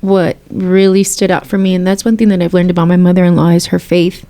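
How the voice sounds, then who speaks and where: A woman on a faith podcast panel, talking earnestly and reflectively, with quick bursts of speech. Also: fairly low pitch, level tone, mellow. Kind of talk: casual faith discussion.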